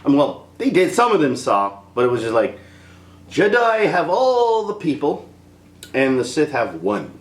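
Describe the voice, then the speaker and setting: A man's voice: fairly high pitch, huge pitch swings, normal speed, reverberant. A man giving a rambling, casual film review, laughing often and slipping into impressions.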